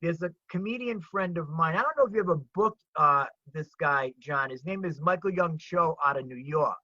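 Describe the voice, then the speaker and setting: A man's voice: on the high side, moderate pace, no room sound. An older man with a Rhode Island accent, telling stories emphatically in a casual chat on a video call. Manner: animated, emphatic storyteller. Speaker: comedian guest. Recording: dull lo-fi call audio.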